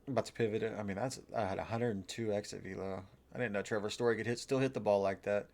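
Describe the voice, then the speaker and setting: A man's voice: fairly low pitch, fairly even intonation, quick pace, darkish tone. A man co-hosting a casual sports podcast over drinks, loose and swearing, laughing often. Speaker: podcast co-host.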